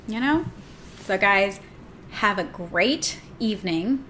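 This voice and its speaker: A woman's voice: mid-range voice, animated, slow pace, sharp tone, a little hiss or hum. A woman hosting a podcast for pet groomers, talking in a chatty, upbeat, informal way. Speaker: podcast host and pet-grooming business coach. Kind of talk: casual monologue.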